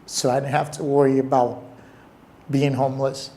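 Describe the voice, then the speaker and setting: A young man telling a personal story in an interview, earnest and emotional, with halting pauses. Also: mid-range voice, flat delivery, dark tone, slight background noise.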